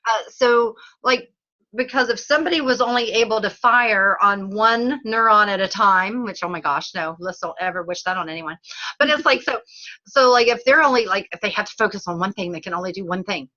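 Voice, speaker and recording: A woman hosting a casual teleseries chat, bubbly and quick to laugh, who acts out little voices as she talks. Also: medium pitch, sharp tone, highs cut off. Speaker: host. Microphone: phone or call line.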